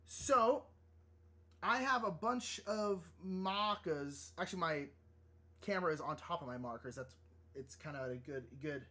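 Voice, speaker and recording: A man hosting a live drawing stream, chatting casually and rambling, easily excited and flustered. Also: a little high, unhurried. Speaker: livestream artist host. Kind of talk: casual livestream chat while drawing.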